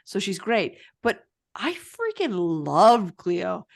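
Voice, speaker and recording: A woman co-hosting a podcast, chatting casually and excitedly, often laughing and exclaiming. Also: mid-range voice, slow, vocal fry. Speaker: podcast co-host. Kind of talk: casual chat.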